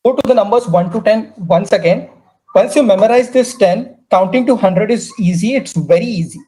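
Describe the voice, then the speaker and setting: A woman teaching a language class, repeating each word slowly and drilling pronunciation. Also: mid-range voice, mellow, poor audio. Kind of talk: slow, careful language lesson.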